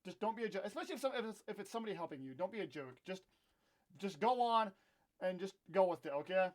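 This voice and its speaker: A young man with a notably high speaking voice tells a casual storytime vlog straight to his camera. He rants candidly and often pokes fun at himself. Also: animated, fast. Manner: candid, ranting, self-deprecating. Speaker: vlogger. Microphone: own camera.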